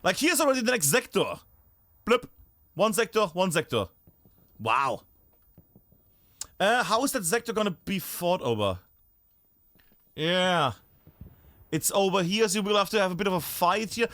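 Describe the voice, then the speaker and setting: A man's voice: sits high, sing-song, moderate pace, long pauses, fairly bright tone, no room sound. A man streaming a game live, chatting and thinking aloud as he looks around a map, often breaking off mid-sentence.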